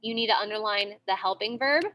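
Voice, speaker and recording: A woman's voice: mid-range voice, fairly quick, sharp tone. A woman teaching a grammar lesson in a classroom, patient and repetitive, checking in often with the students. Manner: patient, repeats with frequent "okay?" checks.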